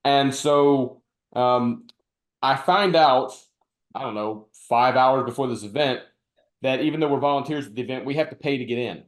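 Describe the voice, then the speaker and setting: A man hosts a laid-back podcast chat and tells his army stories with gusto, slipping into the voices of the people he quotes. His voice sits at an ordinary pitch, and the room gives it a noticeable echo. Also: moderate pace. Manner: animated anecdote telling with acted-out quotes. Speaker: podcast host and retired army officer. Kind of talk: casual storytelling conversation. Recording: roomy echo.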